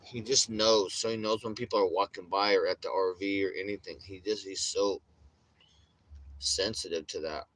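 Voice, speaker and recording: A man's voice: low-pitched, fairly even intonation, moderate pace, fairly bright tone. A man chatting casually on a livestream in a rambling, profane way, with frequent laughs, while getting over a chest illness. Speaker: vlogger.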